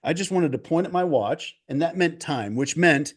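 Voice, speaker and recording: A man guest on a video call interview, telling stories in a casual, animated way and acting out quotes. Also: fairly high pitch, normal speed, hardly any pauses. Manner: animated, restarts and acts out quotes. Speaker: golf coach guest.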